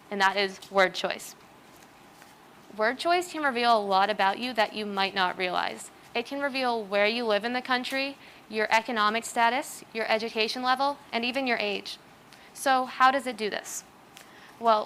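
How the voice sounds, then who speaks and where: With a fairly high, fairly bright voice, a teenage girl delivers an earnest prepared presentation at school, explaining her points through many examples. Slight background noise can be heard.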